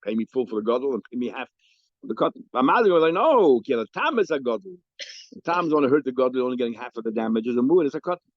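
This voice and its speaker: A man's voice: mid-range voice, very fast, dry recording, highs cut off. A man teaching a Talmud lesson, explaining cases with frequent restarts and Hebrew and Aramaic terms.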